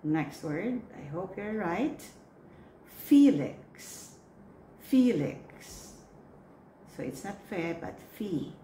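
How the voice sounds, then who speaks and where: A woman coaching church readers on pronunciation. She says each word slowly and clearly, then repeats it. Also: fairly low pitch, lively intonation, warm tone. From Philippines. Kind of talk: pronunciation drill, slow and repeated. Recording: echoey room with faint noise.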